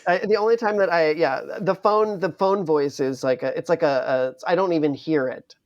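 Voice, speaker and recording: A man's voice: fairly high pitch, normal speed, a little mellow, highs cut off. Rambling, self-mocking man. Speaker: podcast guest. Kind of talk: casual chat.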